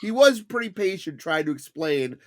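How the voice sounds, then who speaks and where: A man's voice: on the high side, lively intonation, normal speed. A middle-aged man co-hosting a casual comedy podcast, telling stories with lots of animation and mocking voices. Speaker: podcast co-host.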